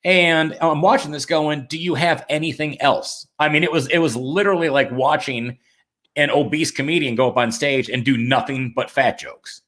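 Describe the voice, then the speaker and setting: A man's voice: fairly high pitch, fairly even intonation, normal speed, a bit bright. A man hosting a casual interview podcast, talking conversationally with frequent "I mean" and agreeing asides. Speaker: podcast host.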